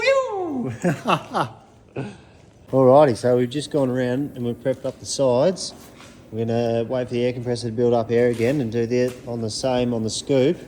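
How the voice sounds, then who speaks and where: Upbeat Australian man with a mid-range voice, a relaxed, slangy vlog host in a workshop, faint noise around him. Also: medium pitch. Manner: upbeat, chatty, laid-back slang, yells playful calls. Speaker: vlogger. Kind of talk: casual chat. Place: panel repair workshop.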